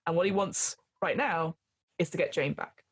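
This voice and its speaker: A woman's voice: on the low side, normal speed, breathy edge. A woman running a tabletop horror game as game master, narrating scenes in a rambling way full of fillers and laughter.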